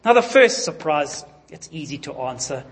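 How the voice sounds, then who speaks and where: A man's voice: on the high side, very animated, normal speed, a bit bright. A man preaching a sermon, emphatic and putting questions to his congregation. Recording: long reverb of a large hall.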